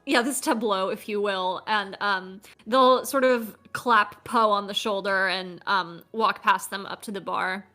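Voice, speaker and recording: A woman's voice: medium pitch, unhurried, hardly any pauses, sharp tone, soft background music. Hesitant woman playing a tabletop game. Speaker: player. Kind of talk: casual tabletop play.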